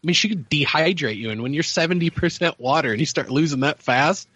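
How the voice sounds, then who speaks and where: A laid-back man on a podcast, amused and easygoing as he talks. His voice is bright and a bit tense, and a touch higher than most men's. The recording is close and dry, with no room sound. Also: quick pace, husky, dry recording, lo-fi sound. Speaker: podcast roundtable guest. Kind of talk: casual chat.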